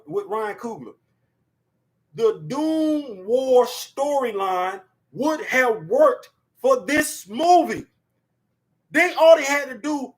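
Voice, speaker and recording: Excitable high-voiced man talking pop culture. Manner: excitable, shouts and laughs, slangy asides. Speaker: host. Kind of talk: animated casual pop-culture commentary.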